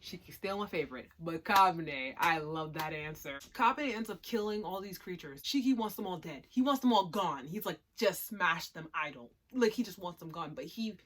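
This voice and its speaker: A woman hosting a casual spoken review, talking emphatically and moving from hushed remarks to loud outbursts. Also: fairly low pitch, animated, moderate pace, hardly any pauses. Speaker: anime reviewer.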